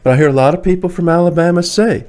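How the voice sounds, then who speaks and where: A man's voice: high voice, rapid-fire, a little mellow. Chatty man with a Tidewater Virginia accent. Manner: chatty, rambling, many fillers, chuckles often. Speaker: vlogger. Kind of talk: casual opinionated monologue. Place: indoors, warm room.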